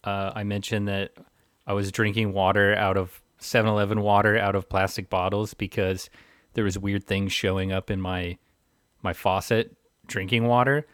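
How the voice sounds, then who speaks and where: A man co-hosting a podcast in casual chat, joking dryly and often pausing on filler words. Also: lowish voice, flat delivery, fairly bright tone, no echo, clean studio sound. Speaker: podcast co-host.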